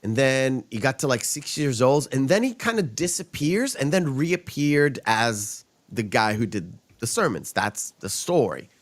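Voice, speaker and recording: A man hosting a podcast, talking loosely and casually about a movie. He keeps stopping and restarting his sentences and laughs softly along the way. His voice sits at an ordinary middle pitch. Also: very animated, unhurried, hardly any pauses. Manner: rambling, frequent restarts and chuckles. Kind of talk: casual film discussion.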